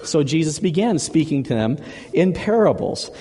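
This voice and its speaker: Lively preacher with an animated voice. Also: male voice, on the high side, normal speed, in a large hall. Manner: animated and chatty, stacks up repeated words. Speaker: pastor. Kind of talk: sermon.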